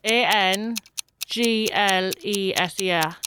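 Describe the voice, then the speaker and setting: A woman's voice: mid-range voice, slow pace, pushed and bright. Blunt Irish woman, noisy background. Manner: blunt, swears, short answers. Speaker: podcast co-host. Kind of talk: casual chat.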